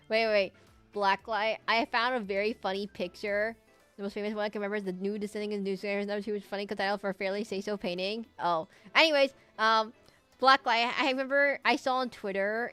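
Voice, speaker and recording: A woman's voice: medium pitch, fairly bright tone, smooth. Giggly rambling young woman streamer. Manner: rambling, giggly, jumps between tangents. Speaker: streamer drawing live. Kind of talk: casual chat while drawing.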